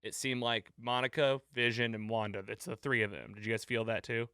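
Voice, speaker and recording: A man's voice: medium pitch, brisk, clean tone, no room sound, clean studio sound. A man co-hosting a casual podcast, recapping an episode with frequent laughter and acted-out quotes. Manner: animated, laughs often, acts out quoted lines. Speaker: podcast co-host.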